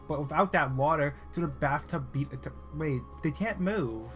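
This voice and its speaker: A man's voice: on the high side, moderate pace, faint music behind. A man giving casual, jokey gameplay commentary that wanders off on tangents, and at times reading a scripture passage aloud. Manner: rambling, jokey, self-interrupting.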